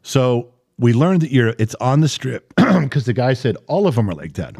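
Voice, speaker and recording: Animated, blunt middle-aged male podcast host. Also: mid-range voice, normal speed, creaky, husky, no room sound, clean studio sound. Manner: animated storytelling, blunt, swears. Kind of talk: casual chat.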